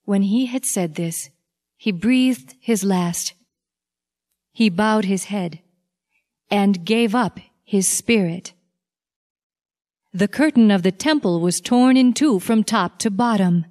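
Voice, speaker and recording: A woman reading Bible passages aloud in a measured, deliberate scripted reading. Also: mid-range voice, darkish tone. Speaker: scripture reader.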